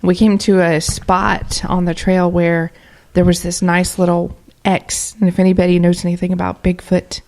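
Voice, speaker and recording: A woman with a slightly low voice chats about her day as co-host. She rambles and fills her talk with little fillers. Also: flat delivery, normal speed, hardly any pauses, darkish tone. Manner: chatty, rambling, with many fillers. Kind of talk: casual podcast chat.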